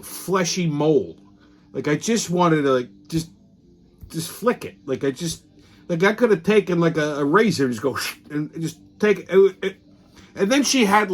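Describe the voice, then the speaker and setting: A man's voice: on the high side, fairly bright tone. Crude, rambling middle-aged man. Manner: crude, rambling, swears constantly, acts out quotes. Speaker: host. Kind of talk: profane storytelling rant.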